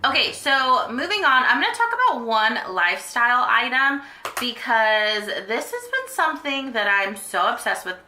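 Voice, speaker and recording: A woman's voice: fairly high pitch, sing-song, normal speed, sharp tone, echoey room, a little hiss or hum. A young woman in a casual beauty vlog, chatting about her favorite products with lots of fillers and gushing. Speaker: beauty vlogger. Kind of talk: casual monthly favorites chat.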